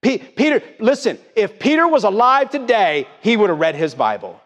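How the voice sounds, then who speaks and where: Animated high-voiced preacher in a reverberant hall. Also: male voice, normal speed. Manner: emphatic call-and-response preaching, rising and falling. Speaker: pastor. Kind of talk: sermon. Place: church sanctuary.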